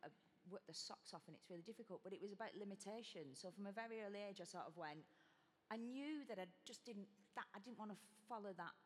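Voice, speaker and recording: A woman's voice: mid-range voice, fast, breathy edge. A middle-aged woman from the north of England, with a Northern accent, telling self-deprecating stories on a live panel. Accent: Northern English. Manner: self-deprecating, animated storytelling with acted quotes. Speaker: panel guest, actor. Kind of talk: candid panel discussion. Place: stage in a large hall before an audience. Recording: reverberant hall, live panel.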